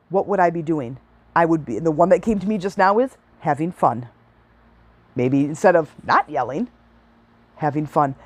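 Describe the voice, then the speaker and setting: A woman hosting a motivational podcast, talking in energetic bursts and acting out the people she quotes. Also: lowish voice, no echo. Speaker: podcast host and life coach.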